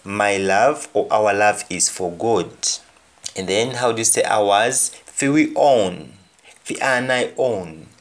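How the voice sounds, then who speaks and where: Slow, deliberate Jamaican man teaching. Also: fairly low pitch. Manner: repeats phrases slowly, then translates. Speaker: language teacher. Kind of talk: slow spoken language lesson.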